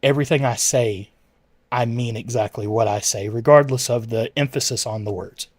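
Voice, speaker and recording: A man's voice: mid-range voice, moderate pace, husky, no echo. A man chatting casually with his livestream viewers, rambling and correcting himself as he answers chat messages.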